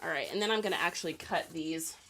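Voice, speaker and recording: Bright-voiced chatty woman packing orders. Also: deep voice, quick pace. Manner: chatty, talks to viewers and reads their comments. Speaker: reseller live-streaming while packing orders. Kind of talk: casual live stream chat.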